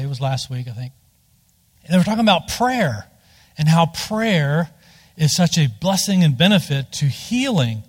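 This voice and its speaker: A man preaching a sermon in a conversational, digressive way, rising in pitch to stress his points. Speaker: pastor. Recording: long hall reverb.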